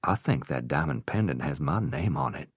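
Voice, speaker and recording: A man's voice: rumbling low, lively intonation, moderate pace, breathy edge, dry recording, clean studio sound, full character voice. A man voicing a whiny, vain society wife. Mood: whiny chatter. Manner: whining, self-absorbed chatter.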